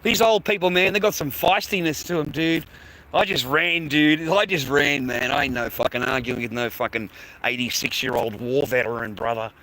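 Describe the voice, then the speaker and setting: A man's voice: mid-range voice, moderate pace, pushed and bright, rough recording. A middle-aged Australian man vlogging in a profane, rambling, blokey way and laughing often. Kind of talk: casual rambling monologue.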